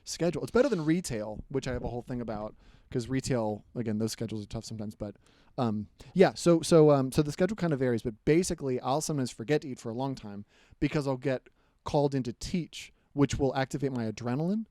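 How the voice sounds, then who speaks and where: A man who is a comedian and teacher, chatting casually as a podcast guest, animated and quick to laugh, with rambling asides. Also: mid-range voice, no echo, clean studio sound.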